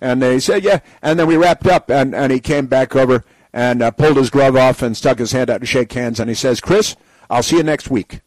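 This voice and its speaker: A man's voice: medium pitch, steady tone, a little fast, hardly any pauses, a little mellow, dry recording, rough recording. A man hosting a talk radio show, telling a story in a loose, rambling way full of fillers and restarts. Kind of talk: casual talk radio monologue.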